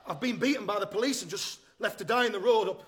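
A man's voice: high-pitched, quick pace, husky. An actor playing a young male hooligan who narrates, cocky, self-pitying and full of slang, in a radio drama. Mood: pleading. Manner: sneering slang-laced banter.

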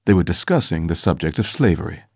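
A man reads a first-person audiobook in a measured, formal manner. His voice sits low, and his intonation moves a great deal from phrase to phrase. The recording is dry and close, with no room echo. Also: animated, vocal fry, a little mellow. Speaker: audiobook narrator.

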